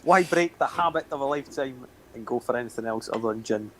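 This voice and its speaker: A man's voice: medium pitch, fast talker, a bit bright, slight background noise, rough recording. A Scottish man in his thirties, a former footballer, chatting as co-host with laid-back, joking banter. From Scotland. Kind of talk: casual podcast chat.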